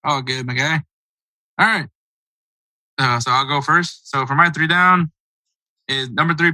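A man's voice: a little high, unhurried, pauses often, sharp tone, no room sound, poor audio. A man hosting a casual sports podcast, talking in a loose, rambling, conversational way. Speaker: podcast host.

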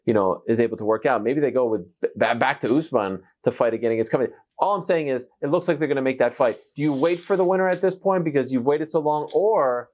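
A man's voice: mid-range voice, fast, few pauses, a little mellow. A man co-hosting a fight talk show over a video call from a spare bedroom, laughing easily but steering the talk back to analysis.

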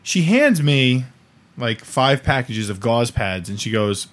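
A man's voice: mid-range voice, slow, background noise. Laughing man telling a wild story. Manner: animated, laughing storyteller acting out dialogue. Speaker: podcast host. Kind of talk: casual comedic storytelling.

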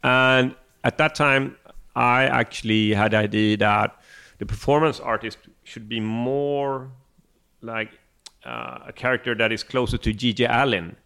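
A man who is a film director, a Swedish native speaker, answering interview questions in a thoughtful, halting way with many restarts. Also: mid-range voice, fairly even intonation, creaky, pushed and bright, clear, resonant tone.

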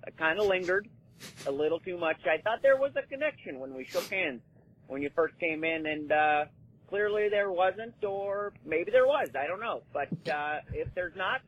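A man playing an awkward male doctor leaving a hesitant voicemail, recorded as muffled voicemail audio. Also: high-pitched. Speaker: caller. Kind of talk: comedic voicemail.

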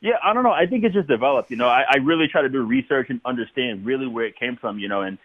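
A man chats as an interview guest, telling lively stories and breaking into laughter. His voice comes through a thin, phone-like line. The sound is dry and close, with no room around it. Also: mid-range voice, rapid-fire, creaky, no room sound. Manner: animated storyteller, laughs often. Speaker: guest, former football player. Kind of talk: casual interview conversation.

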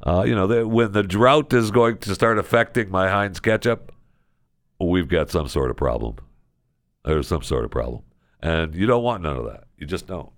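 A man's voice: low-pitched, lively intonation, moderate pace, no echo, studio quality. A man hosting a podcast, delivering a casual comedic monologue in a sarcastic, mock-outraged rant. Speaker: podcast host.

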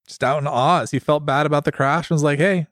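Joking, profane man with a higher voice. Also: level tone, fast talker, fairly bright tone, no room sound, clean studio sound. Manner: joking, profane, mock accents. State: recovering from a concussion. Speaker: podcast co-host. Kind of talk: casual chat.

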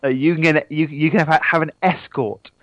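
A man's voice: on the high side, fairly even intonation, normal speed, dry recording, highs cut off. A young man from southern England with an English accent, co-hosting a casual internet radio chat, cheeky and prone to stammering restarts. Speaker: co-host. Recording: internet radio with faint music.

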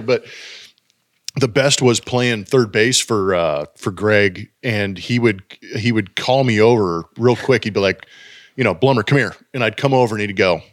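Animated storytelling man, dry sound. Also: lowish voice, moderate pace, dry recording. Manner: animated, acts out quotes with laughs. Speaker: former baseball player telling stories. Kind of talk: casual storytelling chat.

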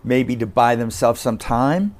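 Guy hosting a podcast, mid-pitched voice, just chatting and asking stuff. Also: expressive, measured pace. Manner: conversational, asks questions in a chatty way. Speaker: podcast host and film critic. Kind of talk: podcast interview.

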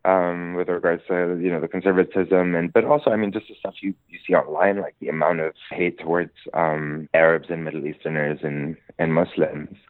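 A low-pitched man, a musician, answers interview questions thoughtfully with many hesitations and ums. The recording is dry and narrow, like a phone, with no echo.

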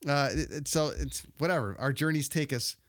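A man's voice: a little high, normal speed, no room sound, clean studio sound. A man from Ontario, Canada, hosting a casual interview, rambling with many fillers and restarts. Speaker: podcast host.

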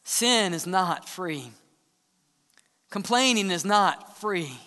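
A man preaching a sermon as the church's pastor, earnest, sometimes dropping to a hushed tone to press a point. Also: high voice, lively intonation, slow, faint music behind. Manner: earnest preaching, drops to hushed tones for emphasis. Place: church sanctuary. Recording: long church hall reverb.

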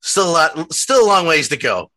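Chatty Philly-accented man, bright and dry. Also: on the high side, very animated, moderate pace, no room sound. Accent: Philadelphia. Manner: chatty, laughs easily, rambling questions. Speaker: podcast host. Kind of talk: casual podcast interview.

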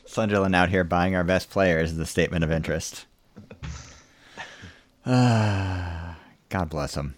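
A man's voice: low-pitched, measured pace, long pauses, no echo. A man hosting a casual podcast, rambling with many fillers such as "you know". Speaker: podcast host. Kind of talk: casual chat.

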